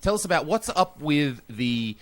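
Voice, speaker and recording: A man's voice: a little high, big pitch swings, moderate pace. A man hosting a podcast in casual chat, prompting his guest with questions. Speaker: podcast host.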